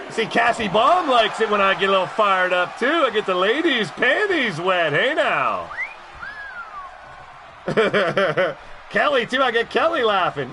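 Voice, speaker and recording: A man calling play-by-play on a wrestling video game for a live stream, rowdy and profane and often breaking into shouts while greeting his chat. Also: high voice, animated, unhurried, background noise.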